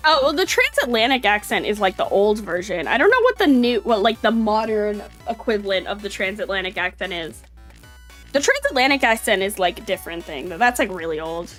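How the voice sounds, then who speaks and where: Lively woman streamer. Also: medium pitch, a little fast, faint music behind. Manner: rambling, filler-heavy, animated. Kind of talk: casual live-stream chat.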